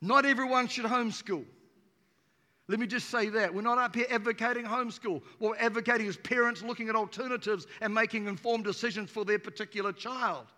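A man preaching an energetic sermon to a congregation in a church auditorium, emphatic and playful. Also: high-pitched, a little fast. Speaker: pastor. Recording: reverberant hall.

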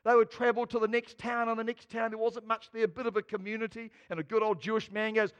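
Guy preaching in church, pretty high voice, long echo, goes soft then loud. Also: fast, hardly any pauses, dull audio. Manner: expressive preaching, swinging between quiet and loud. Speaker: pastor. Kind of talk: sermon.

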